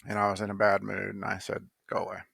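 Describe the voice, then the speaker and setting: A man's voice: on the low side, monotone, quick pace, vocal fry, fairly bright tone, no echo. A man telling how he came to write a poem, in a rambling casual monologue full of fillers and restarts, blunt and now and then swearing.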